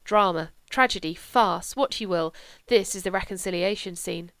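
A woman reading an audiobook, voicing a young man who speaks in a dry, ironic, measured way. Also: on the low side, smooth, dry recording, lightly acted. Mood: wry.

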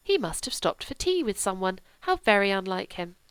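A woman voicing a gracious aristocratic older lady with a gentle, sweetly ironic manner. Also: medium pitch, big pitch swings, normal speed, smooth, dry recording, rough recording.

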